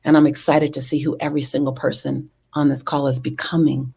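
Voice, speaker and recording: Woman w a really low voice, preachy repetitive affirmations, motivational guest on a call. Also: flat delivery, fairly quick, gravelly, warm tone, slightly rough. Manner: emphatic, repetitive preacher-like cadence. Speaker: guest speaker.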